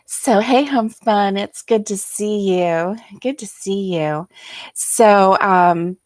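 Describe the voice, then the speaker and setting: An older woman hosting a casual livestream from her chair at home, talking softly and haltingly with many ums, tired and yawning. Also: mid-range voice, no echo, studio quality. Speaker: host.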